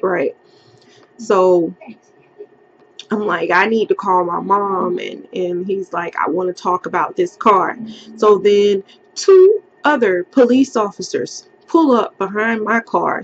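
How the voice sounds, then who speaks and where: A young woman telling a vlog storytime with emotion, breaking into high, tearful voices when she quotes herself. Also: dull audio, slight background noise. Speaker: vlogger.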